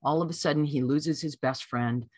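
A woman being interviewed as an author, telling a personal story in a lively way and acting out what people said. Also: low-pitched, moderate pace, no room sound, clean studio sound. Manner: lively storyteller who acts out quoted voices. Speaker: author guest.

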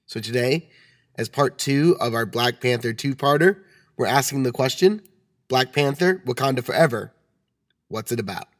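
Man, podcast co-host, slightly raspy, tired voice, rambling casual chat. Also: mid-range voice, expressive, moderate pace. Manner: rambling, many ums and restarts. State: recovering from a cold.

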